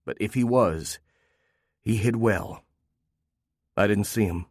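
A man with a low voice reads a first-person story aloud at an even, steady pace. The recording is dry and close, with no room sound. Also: slow, breathy edge, no echo. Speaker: narrator. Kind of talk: first-person audiobook narration.

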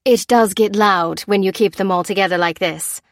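A woman's voice: mid-range voice, normal speed, no room sound, clean studio sound, close to an everyday voice. Woman voicing a genteel grandfatherly scientist. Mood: genial. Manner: courteous, soothing and calmly in charge. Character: grandfatherly older male scientist, smoothly polite and sinister.

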